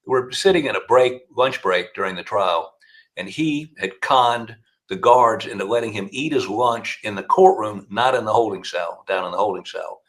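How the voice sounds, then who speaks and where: A man's voice: on the low side, normal speed. An older man with a Southern accent, a defense attorney telling long courtroom stories as an interview guest. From South Carolina. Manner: gravelly, animated storyteller. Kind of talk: storytelling interview answers.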